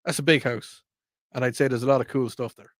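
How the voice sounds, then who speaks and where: A man's voice: medium pitch, steady tone, fast talker, no room sound, studio quality. A man in his forties co-hosting a podcast, joking around and rambling while he gropes for names. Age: 40s. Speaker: podcast co-host. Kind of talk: casual pop-culture chat. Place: studio.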